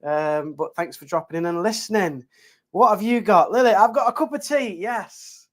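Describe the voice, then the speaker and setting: Yorkshire guy teacher, chatty and upbeat on a live stream, slightly high voice. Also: normal speed. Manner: chatty, upbeat, lots of fillers and restarts. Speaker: geography teacher. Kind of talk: casual live stream chat.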